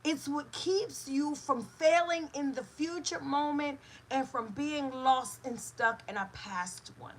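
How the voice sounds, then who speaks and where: A woman giving an inspirational talk as host, emphatic and repetitive, dropping to a hush for stress. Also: high-pitched, slow, hardly any pauses, a little hiss or hum, low-quality recording. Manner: emotional, speaks to a live listener.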